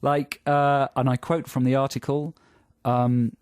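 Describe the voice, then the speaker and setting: A man's voice: medium pitch, flat delivery, unhurried, darkish tone, clear, resonant tone, dry recording. A man co-hosting a casual radio chat in a studio, jokily reading from an article. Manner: jokey, reads out from an article. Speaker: radio co-host. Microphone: studio microphone.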